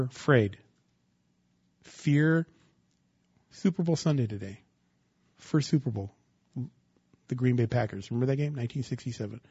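A man preaching a sermon, asking the congregation rhetorical questions and rising into loud bursts of emphasis. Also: medium pitch, breathy edge, dry recording, lo-fi sound. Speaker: pastor.

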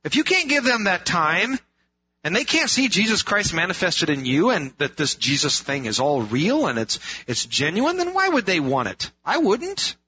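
A man's voice: high-pitched, big pitch swings, normal speed, pushed and bright, slightly rough. A man preaching a sermon in an earnest way, asking rhetorical questions and repeating phrases for emphasis. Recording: dull lo-fi sound.

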